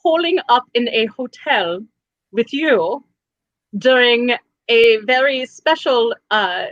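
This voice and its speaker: High-ish theatrical lady, bouncy voice, dry muffled audio. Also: expressive, slow, fairly bright tone, dry recording. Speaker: co-host. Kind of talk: playful in-character chat.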